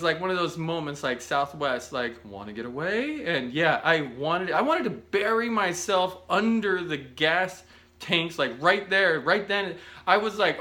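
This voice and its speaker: Male vlogger with a bright, forward tone, telling a rambling, self-mocking story straight to camera. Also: a little high. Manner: animated, self-deprecating, rambling with restarts.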